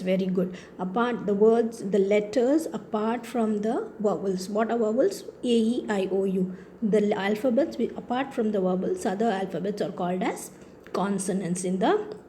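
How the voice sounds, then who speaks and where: Brief: woman schoolteacher, Indian English accent, mellow tone, patient step-by-step explainer, faint room noise. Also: medium pitch, normal speed. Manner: patient, repetitive explaining with frequent checks for understanding. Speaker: teacher. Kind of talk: classroom lesson on poetry.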